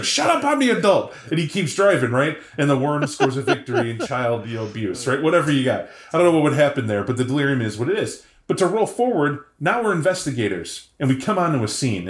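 A man talking casually and at length about tabletop role-playing lore, rambling and animated. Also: a little high. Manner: animated, rambling, acts out voices. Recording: echoey room.

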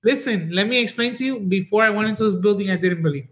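A man, a paranormal investigator from Florida, telling stories casually in an animated way and swearing freely. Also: sits high, fast, slight background noise. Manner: animated, swears a lot, acts out voices in stories. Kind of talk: casual storytelling. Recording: echoey room.

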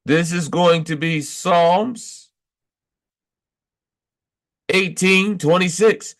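A male preacher delivers an exhortation, reading verses aloud and then unpacking them point by point. His voice sits fairly high and he speaks slowly, pausing often and pressing each point with a questioning "Okay?". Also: fairly bright tone. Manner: emphatic, repeats points with "Okay?". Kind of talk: exhortation reading and explaining scripture.

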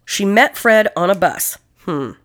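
Brief woman podcast co-host, lively swinging pitch, profane animated storyteller. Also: unhurried. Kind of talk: casual true-crime chat.

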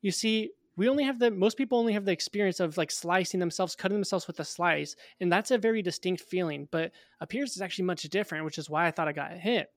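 A young man in his twenties, a guest in an interview, telling a personal story in a casual, animated way. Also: sits high, fast, few pauses, dry recording, clean studio sound.

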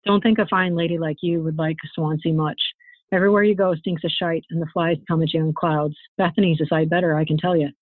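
A woman's voice: low-pitched, fairly even intonation, brisk, no room sound. A woman reading aloud, voicing a blunt, slangy male thug boss who gives the orders. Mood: mocking. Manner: rough, slangy, commanding. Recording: tinny phone-like, dry sound.

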